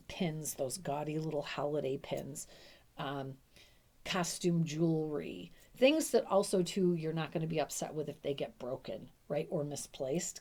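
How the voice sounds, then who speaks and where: Casting: middle-aged woman, low voice, chatty caregiver coach who loves to act out quick examples. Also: warm tone. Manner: chatty, emphatic, acts out little quoted lines. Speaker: dementia care coach. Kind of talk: casual teaching to camera.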